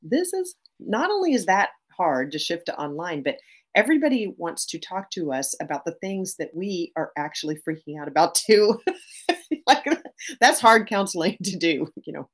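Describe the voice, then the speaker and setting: A middle-aged woman therapist speaking as a podcast guest, animated, often restarting phrases and adding "right?". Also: on the low side, normal speed. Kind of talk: podcast interview.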